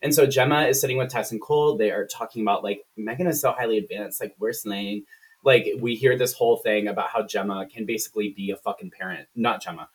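A man's voice: fairly low pitch, fast, husky. A man co-hosting a podcast, recapping a film in a rambling, profane, casual way full of fillers. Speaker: podcast co-host. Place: room shared with co-host. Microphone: shared computer setup.

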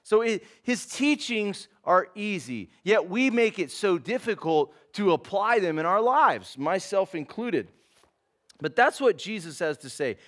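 Pastor, male, high-pitched, easygoing sermon full of "man" and "dude". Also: very animated, measured pace, a bit bright. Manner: casual and conversational, says man and dude.

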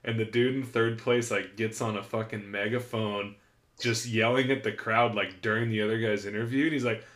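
A man's voice: fairly low pitch, steady tone, moderate pace, a bit bright. A man hosting a casual podcast, laid-back and swearing freely as he tells stories. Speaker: podcast host. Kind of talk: casual chat.

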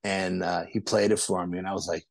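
A man with a low voice recounts his investigations as a podcast guest, slipping into other people's voices as he tells the story. The recording is dry and close, with no room sound. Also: brisk, vocal fry, dry recording. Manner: animated anecdotes with acted-out quotes. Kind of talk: casual storytelling interview.

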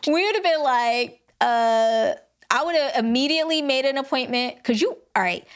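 A young adult woman co-hosting a casual book chat, an animated storyteller who acts out quotes and laughs often. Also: sits high, normal speed, clear, resonant tone. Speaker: book podcast co-host.

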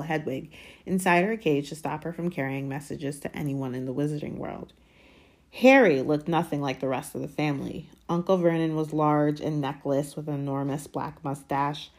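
A woman reading a novel aloud in a measured, deliberate way. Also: low-pitched, darkish tone. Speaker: reader.

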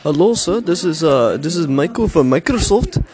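A man voicing a fake tech-support caller in a put-on Indian accent, halting with fillers. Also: a little high, expressive, crowd noise, voice pushed up, natural voice. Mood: pushy.

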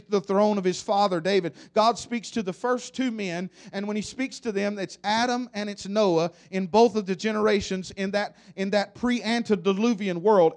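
A man preaching a sermon in church, leading the congregation in repeated call-and-response refrains. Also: sits high.

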